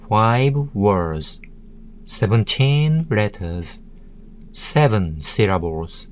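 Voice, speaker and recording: A man giving a scripted tutorial narration, deliberately sounding out words one syllable at a time. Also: on the low side, lively intonation, a little hiss or hum.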